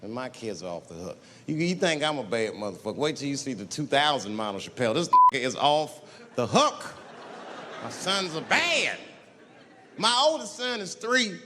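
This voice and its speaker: Man doing stand-up, brash profane storytelling, lively pitch, clear background noise. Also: moderate pace, big-room sound. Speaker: stand-up comedian. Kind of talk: stand-up routine.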